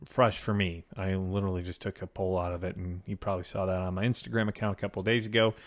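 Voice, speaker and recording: A man's voice: deep voice, little pitch movement, quick pace. A man co-hosting a casual podcast at a desk mic, joking and rambling with his partner. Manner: joking, rambling, laughs often. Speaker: podcast co-host. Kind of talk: casual chat. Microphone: desk microphone.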